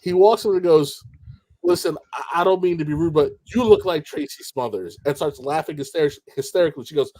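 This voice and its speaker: A man co-hosting a comedic wrestling podcast, telling anecdotes in an animated, drawn-out way. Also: fairly high pitch. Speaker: podcast co-host. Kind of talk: casual comedic storytelling.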